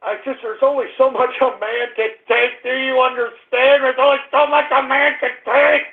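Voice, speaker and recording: A man's voice: very high-pitched, little pitch movement, normal speed, reverberant. A male radio show host ranting in exasperation, stammering and restarting as he complains to his listeners. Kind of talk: call-in radio show rant. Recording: phone-like narrow radio audio.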